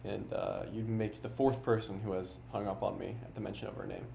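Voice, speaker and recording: A man's voice: on the low side, level tone, brisk, vocal fry, dark tone. A man narrating his own video and making phone calls, earnest and a bit confrontational.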